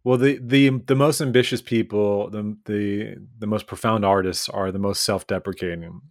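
A man talking as a podcast guest in casual chat, animated and emphatic, often restarting his sentences. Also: fairly low pitch, moderate pace, dry recording, studio quality.

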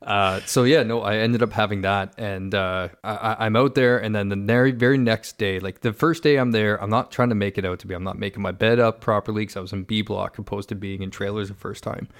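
A man's voice: on the low side, steady tone, fairly quick, hardly any pauses. A man, co-hosting a podcast and telling a story in casual chat, acting out the quotes. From Canada. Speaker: podcast co-host.

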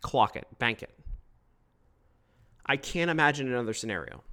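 A man giving opinionated solo political commentary, emphatic and quick to mock others. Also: mid-range voice. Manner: emphatic, animated, mocking quoted voices.

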